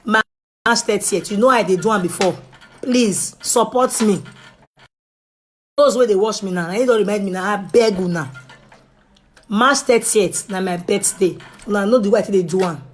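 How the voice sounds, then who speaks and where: A young woman with a Nigerian Pidgin English accent, chatting straight to her viewers in a pleading, animated way that drops to a hush and rises loud. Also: medium pitch, normal speed, slight background noise. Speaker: vlogger. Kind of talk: casual direct-to-camera talk.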